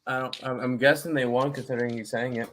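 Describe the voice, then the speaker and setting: A man co-hosting a sports betting show, relaxed, reading out viewers' picks in casual chat. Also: mid-range voice, fast, a little hiss or hum. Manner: easygoing, reads out viewers' picks. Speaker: co-host.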